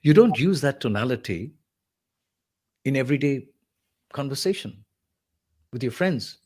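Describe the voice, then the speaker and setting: A man's voice: medium pitch, expressive, a little slow, a little mellow. A man, a voice artist, explaining voice technique in an interview and acting out example lines like a teacher. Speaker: voice artist guest.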